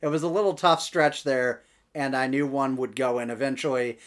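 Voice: medium pitch, fairly even intonation, normal speed. A podcast host chatting casually about hockey, reading stats and quotes with a joking tone. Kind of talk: casual sports podcast chat.

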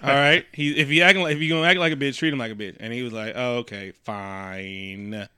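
A man's voice: a little high, expressive, very fast, sharp tone, smooth, no room sound, studio quality. A man in casual, crude banter, recapping a movie and acting out the characters' lines.

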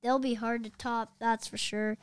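A woman's voice: fairly high pitch, little pitch movement, normal speed, clear, resonant tone, no echo, clean studio sound, lightly acted. A woman voicing a nervous, stammering young schoolboy prankster in a read-aloud story.

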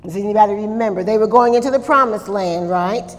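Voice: medium pitch, fast, in a large hall. A Bible study teacher leading a church class, asking the group questions, answering them, and adding frequent amens.

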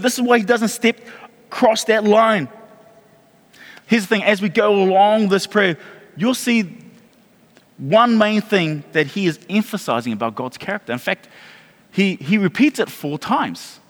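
A man preaching a sermon as pastor, animated, repeating himself and restarting phrases. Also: high voice, normal speed, big-room sound.

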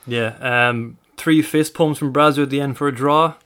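Sex: man. Role: podcast co-host. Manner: dry, wry, mid-pitched, conversational. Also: fairly even intonation, moderate pace, fairly bright tone, clean tone. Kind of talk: casual football fan chat.

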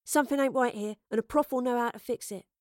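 Lively young woman adventurer, bright, breezy, raised and keen, read by a woman narrator. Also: a little high, fast, no room sound, studio quality, natural voice. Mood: earnest. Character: spirited young woman time-traveller.

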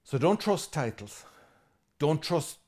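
Irish priest preaching a lively sermon. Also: male voice, fairly high pitch, slow pace. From Ireland. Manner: lively and conversational, with asides and jokes; emphatic, repeating key phrases.

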